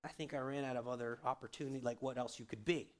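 A man's voice: mid-range voice, fairly even intonation, fast talker. A man preaching a sermon in a casual, conversational way, often checking in with the congregation. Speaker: pastor.

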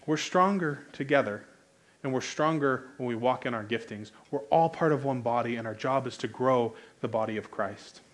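A man in his thirties with an American accent, preaching a sermon in a conversational, joking way that rises to loud, emphatic bursts. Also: mid-range voice, normal speed.

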